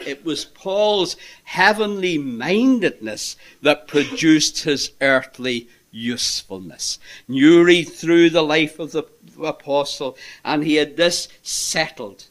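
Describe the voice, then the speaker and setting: Male preacher, slow deliberate delivery, impassioned sermon with hushed asides. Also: a little high. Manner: impassioned, swinging between loud emphasis and hushed asides.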